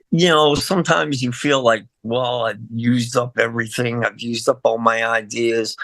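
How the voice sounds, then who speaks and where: Older male musician, heavy vocal fry, rambling emotional delivery, dry booth sound. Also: medium pitch, fairly bright tone, no room sound. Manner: rambling, emotional, laughs often, frequent fillers. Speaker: guest musician. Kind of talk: casual interview.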